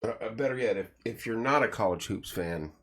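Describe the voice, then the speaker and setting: A man's voice: lowish voice, a little fast. A man hosting a casual morning live stream from a small studio room, greeting viewers by name and reading sponsor plugs in a folksy, joking way.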